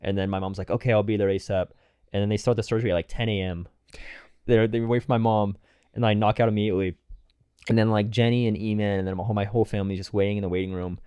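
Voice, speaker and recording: A young man hurries through a rambling story on a podcast, his voice sitting low and close in a dry, dead room. He keeps acting out what people said to him between lots of fillers. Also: level tone, fast, dark tone, clear, resonant tone, no echo. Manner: rambling, filler-heavy anecdote with acted quotes. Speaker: podcast co-host. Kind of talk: casual storytelling chat.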